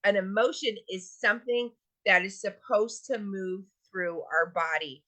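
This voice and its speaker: A woman leads a self-help lesson in a bright, clear voice. She coaxes gently and asks question after question. At times she slows down and draws out her words to stress a point. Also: mid-range voice, poor audio. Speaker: wellness teacher. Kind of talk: guided self-help talk.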